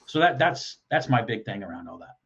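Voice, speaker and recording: A man's voice: on the low side, big pitch swings, brisk, a bit bright, a little hiss or hum. A man with a Texan accent, a guest in a casual interview, who talks animatedly and acts out the messages he quotes. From Texas. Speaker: podcast guest, LinkedIn lead generation expert. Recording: slightly dull lo-fi audio.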